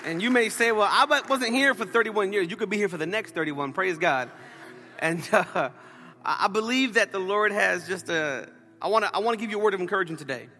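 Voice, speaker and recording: A man preaching a sermon as pastor, telling a story in an animated, playful way. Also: sits high, brisk, big-room sound, faint music behind, a faint crowd. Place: church sanctuary.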